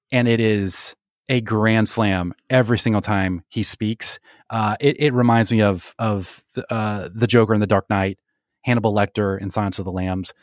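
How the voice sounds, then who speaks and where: A man co-hosts a casual podcast and steers the talk from one segment to the next. He banters playfully, with a level, middle-pitched voice. The sound is dry and close, with no room around it. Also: dry recording. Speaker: podcast co-host.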